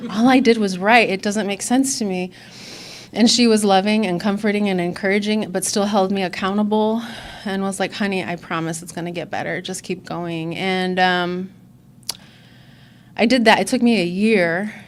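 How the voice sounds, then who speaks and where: A woman's voice: mid-range voice, a little hiss or hum. Earnest woman sharing her recovery story. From Chicago area, USA. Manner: earnest and candid, acts out quoted dialogue. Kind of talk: personal testimony talk.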